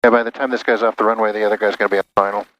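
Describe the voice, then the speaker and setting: A man who is a pilot, making brisk radio calls and chatting in a small plane's cockpit over a headset. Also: fairly low pitch, flat delivery, a bit bright, no room sound, highs cut off.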